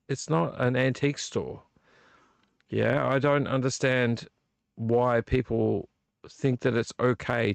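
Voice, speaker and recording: A man's voice: medium pitch, creaky, dry recording. A man hosting his own live vlog, ranting with repeated rhetorical questions about collecting. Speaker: vlog host. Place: home room.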